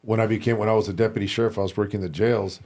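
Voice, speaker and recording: Man, low gravelly voice, animated storytelling, casual podcast guest. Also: very fast. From family from Sinaloa and Durango. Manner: animated, switches into Spanish for quoted family. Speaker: former deputy sheriff.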